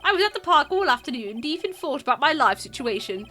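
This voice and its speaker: A woman's voice: high voice, sing-song, fast talker, sharp tone, faint music behind, voice pushed up, exaggerated voice. A woman voicing a pompous, posh young male drifter who talks at length with theatrical haughtiness in a game read-through. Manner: haughty, long-winded, theatrical.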